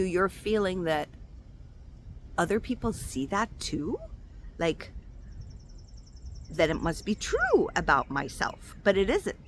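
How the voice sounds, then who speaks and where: Animated woman giving a spiritual pep talk. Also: fairly low pitch, slight background noise. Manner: animated and expressive, acts out quoted voices; affectionate, addresses listener as "my love". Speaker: spiritual coach and intuitive healer. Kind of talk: casual motivational talk to camera.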